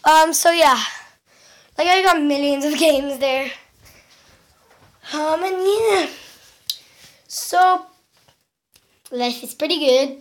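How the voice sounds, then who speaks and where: A woman chatting excitedly in a casual home vlog, giggling and exclaiming as she shows off her things to a handheld camera. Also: high voice, slow, long pauses. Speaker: vlogger. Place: at home indoors.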